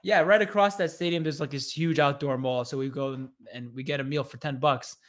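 A man's voice: mid-range voice, a little fast. A man hosting a podcast, telling a rambling comic story with swearing, recorded remotely through an online studio. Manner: rambling, animated, swears freely. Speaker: podcast host. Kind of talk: casual comedic storytelling.

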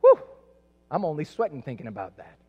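A man's voice: a little high, huge pitch swings, brisk, breathy edge. A man from South America preaching a sermon, telling a personal story in a loose, conversational way with many asides. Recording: echoey hall, dull lo-fi sound.

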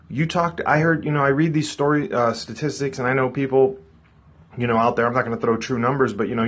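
Male vlogger, husky mid-pitched voice, blunt and profane motivational delivery. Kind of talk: casual motivational talk to camera.

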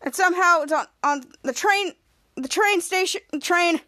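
Young female podcast host, high voice, casual TV recap, jumps into quoted lines with loud outbursts. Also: moderate pace. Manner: acts out characters' lines with bursts of loud, high shouting.

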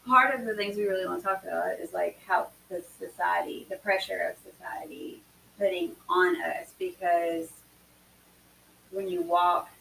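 A woman's voice: fairly low pitch, moderate pace, creaky. A woman co-hosting a podcast, chatting casually and telling stories with emphatic energy. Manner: emphatic, animated storytelling. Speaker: podcast co-host. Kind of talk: casual chat. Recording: distant mic with faint hiss.

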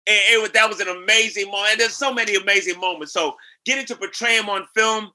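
A man from New York spins lively anecdotes as an interview guest, slipping into other people's voices as he goes. His voice sits high for a man and sounds very bright and forceful. The storytelling is animated and casual. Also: quick pace. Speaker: guest, singer and actor.

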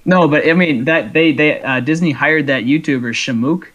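A young man co-hosting a casual podcast, telling stories excitedly and laughing as he goes. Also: a little high, normal speed. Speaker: podcast co-host. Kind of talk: casual chat.

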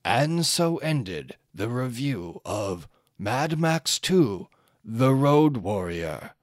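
A man voicing a grave narrator who closes a film's story, speaking in a slow, solemn storytelling way. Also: mid-range voice, very animated, pitched below the performer's own voice.

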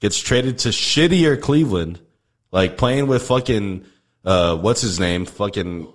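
Young male co-host, fairly low voice, rambling and profane, casual banter. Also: animated, measured pace. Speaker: podcast co-host. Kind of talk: casual chat.

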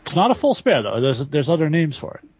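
Raspy man, dry lo-fi sound. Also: fairly high pitch, sing-song, quick pace, a little mellow, dry recording. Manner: chatty, swears, laughs easily. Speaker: podcast co-host. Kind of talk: casual chat. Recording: dry, dull lo-fi podcast audio.

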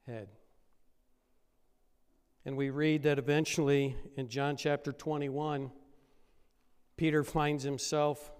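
A pastor preaching a sermon, retelling a story and building up to loud, emphatic peaks. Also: male voice, fairly high pitch, clean tone, big-room sound.

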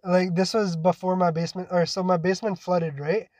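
A man's voice: sits high, little pitch movement, a little fast, a little mellow, no room sound. A young man from Toronto, co-hosting a podcast and telling a long story in casual chat, swearing often and tagging lines with "right?". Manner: rambling storyteller, heavy swearing, frequent "like" and "right?". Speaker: podcast co-host.

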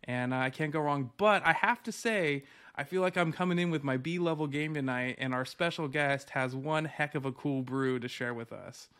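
Upbeat guy co-hosting a podcast, voice a bit high, easygoing. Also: normal speed, few pauses, fairly bright tone. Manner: enthusiastic, easygoing. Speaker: podcast co-host. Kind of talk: casual podcast chat.

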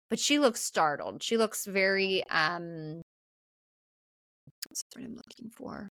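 A woman co-hosting a podcast, recapping a film in casual chat and acting out the characters' lines in higher voices. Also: moderate pace, no room sound. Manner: animated, acts out quotes in higher voices. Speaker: podcast co-host.

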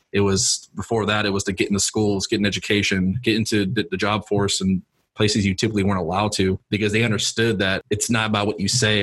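Husky low-voiced man, dry sound. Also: fairly bright tone, dry recording. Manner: thoughtful, hedging with restarts. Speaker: podcast co-host. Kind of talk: casual discussion.

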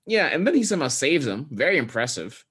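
A man co-hosting a podcast in casual chat, recapping a film with joking, profane, animated retelling. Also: medium pitch, quick pace, slightly rough. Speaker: podcast co-host.

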